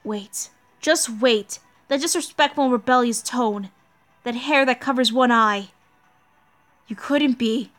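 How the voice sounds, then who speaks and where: A woman's voice: a little high, a little slow, fairly bright tone, faint music behind. A woman voicing a stern, cold male knight in a grave, formal manner while reading a game story aloud. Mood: suspicious.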